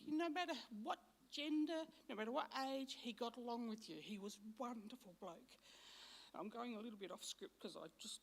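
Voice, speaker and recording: An Australian woman giving a funeral eulogy in a church, chatty and anecdotal, fond and close to tears. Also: a little high. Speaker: eulogy speaker.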